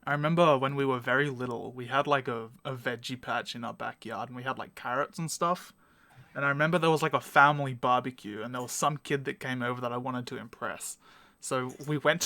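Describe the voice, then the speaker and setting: A man's voice: medium pitch, bright, forceful tone, no echo. A young man hosting a casual podcast chat from home, rambling and self-mocking and laughing often. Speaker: podcast host.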